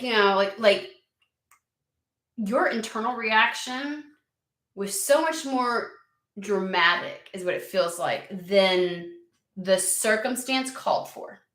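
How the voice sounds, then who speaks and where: A woman reads tarot in a loose, rambling chat, swearing often and filling gaps with "like." Her voice sits at an ordinary middle pitch. The room around her is roomy and echoes. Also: fairly bright tone. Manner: chatty, rambling, swears freely, lots of "like". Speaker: tarot reader. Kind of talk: casual tarot reading to camera.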